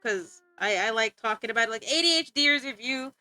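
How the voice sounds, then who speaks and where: High bright giggly young woman streamer. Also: expressive, brisk, dry recording. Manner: giggly, easily sidetracked, talks to chat and friends. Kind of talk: casual rambling stream chat.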